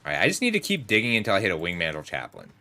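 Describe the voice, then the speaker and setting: Bright, lively man streaming a card game. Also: low-pitched, rapid-fire, soft background music. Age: 30s. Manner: rambling, chatty, talks to chat while playing. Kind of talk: casual gameplay commentary with storytelling.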